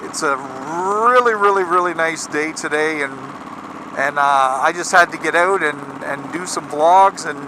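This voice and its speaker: A man's voice: on the high side, background noise. Rambling Canadian man outdoors. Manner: rambling, enthusiastic, many fillers and restarts. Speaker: motorcycle vlogger. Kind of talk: casual outdoor vlog. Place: outdoors by his parked motorcycle.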